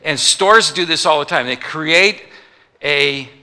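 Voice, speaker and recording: Bright-voiced pastor preaching in a reverberant hall. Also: male voice, a little high, slow pace, smooth. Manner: jokey, acts out little voices for the people he quotes. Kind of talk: sermon. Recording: long reverb of a large hall.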